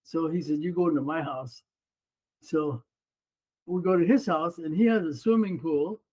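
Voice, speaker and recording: A man's voice: a little high, moderate pace, mellow, breathy edge. A man in his seventies from Mexico, talking earnestly about his life as a podcast guest, often saying "you know". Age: 70s. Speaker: guest, former runner and coach. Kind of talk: personal storytelling in conversation. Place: room at his home. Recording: dull lo-fi sound.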